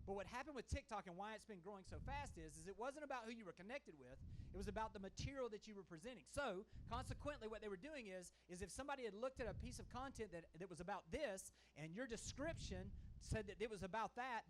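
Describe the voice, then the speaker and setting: A man's voice: high voice, slight background noise. A man presents at a conference with a folksy, emphatic manner, often checking in with the audience. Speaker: conference panelist. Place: conference hall stage. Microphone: handheld microphone.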